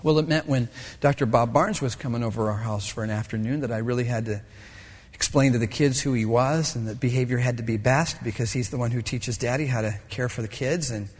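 A middle-aged male pastor preaching a sermon with animated storytelling, acting out voices and quotes. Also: medium pitch, brisk, slightly rough, in a large hall.

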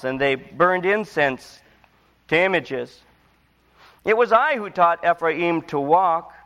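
A male preacher with a slightly high voice delivers a sermon in a big echoing hall. He moves from an easy storytelling tone to earnest, pleading cries, then drops to a hush. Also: highs cut off. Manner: storytelling, rising to emotional pleas then dropping quiet. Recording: long hall reverb.

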